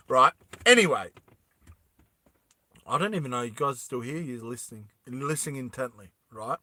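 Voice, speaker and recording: A man casually retelling a film, animated and making sound effects. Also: on the high side, normal speed, no room sound. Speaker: storyteller.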